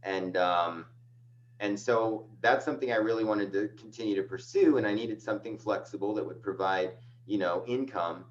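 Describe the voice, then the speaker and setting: A man's voice: fairly low pitch, normal speed. A man guest on a casual video call interview, telling a long, rambling, self-deprecating story. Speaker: guest, agency owner. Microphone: video call microphone. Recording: dull lo-fi video call with faint hum.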